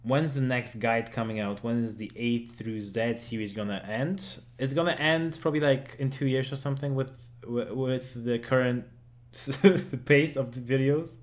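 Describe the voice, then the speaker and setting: A man's voice: mid-range voice, moderate pace. Young man, laughing podcast host. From Germany. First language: German. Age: 20s. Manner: laughs often, swears casually, joking. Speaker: podcast host and game streamer. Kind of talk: casual podcast banter.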